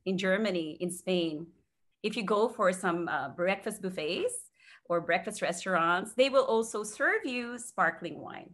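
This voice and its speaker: Chatty woman sleep expert, quick laughs. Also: mid-range voice. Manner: chatty, laughs between points, animated emphasis. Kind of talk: casual podcast advice.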